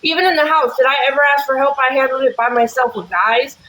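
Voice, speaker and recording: A woman in casual chat who talks fast and rambles, blunt and profane. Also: high-pitched, pushed and bright, echoey room, slight background noise, low-quality recording. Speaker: livestream guest.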